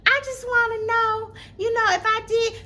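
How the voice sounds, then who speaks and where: A woman mimicking a fake-innocent adult woman who bullied her, in a high, sing-song, syrupy voice. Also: level tone, normal speed, pushed and bright. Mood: fake sweet.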